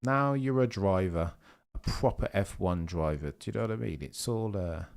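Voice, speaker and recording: A man's voice: sits low, lively intonation, moderate pace, gravelly, darkish tone. A man mimicking a fawning, chummy male sports presenter who keeps asking if you know what he means. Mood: gushing.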